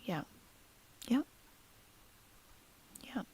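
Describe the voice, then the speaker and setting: A woman's voice: drawn-out words, no room sound. A woman hosting a casual reaction livestream, chatty and blunt, reading viewer comments. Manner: chatty, swings from soft sympathy to blunt profane ranting.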